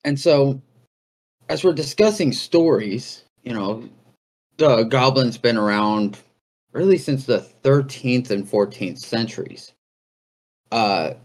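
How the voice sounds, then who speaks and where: A man hosting a casual talk on folklore, speaking conversationally with fillers and asides. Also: on the low side. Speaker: podcast host.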